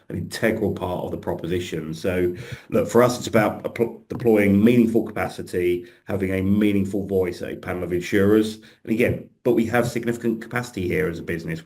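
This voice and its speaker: A man with a very low voice answering a question on a webinar panel. He speaks in an open, reassuring way and keeps returning to the same words, heard over a video call. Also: darkish tone. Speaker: insurance company representative.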